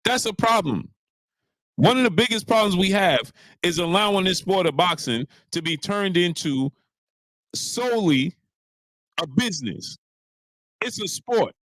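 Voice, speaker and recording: A man's voice: high voice, measured pace, long pauses, no room sound. A man hosting a casual live-streamed sports talk show, preaching his point with lots of repetition and greeting viewers in the chat. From New York. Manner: animated, preachy, repeats lines for emphasis, greets chat viewers.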